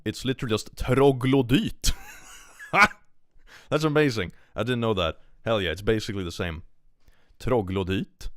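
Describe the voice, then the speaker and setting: A man with a very low voice chats his way through reactions on a live stream. He rambles, reads posts aloud and laughs often, and the sound is dry and close to the mic with no room echo. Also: expressive, quick pace, fairly bright tone. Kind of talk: casual live-stream commentary.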